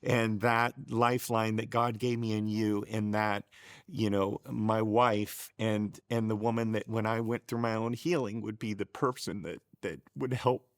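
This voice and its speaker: A man's voice: fairly low pitch, fairly even intonation, measured pace, no room sound, clean studio sound. A middle-aged man telling his personal faith testimony in an earnest, emotional way, often getting choked up and restarting his sentences. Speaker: show co-host sharing his testimony.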